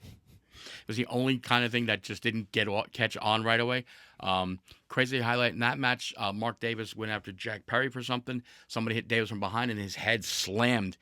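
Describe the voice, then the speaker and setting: A man's voice: on the low side, steady tone, fairly quick, pushed and bright, clear, resonant tone, dry recording, clean studio sound. A man hosting a casual podcast, telling a story with energy, with laughs and restarts along the way. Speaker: podcast host.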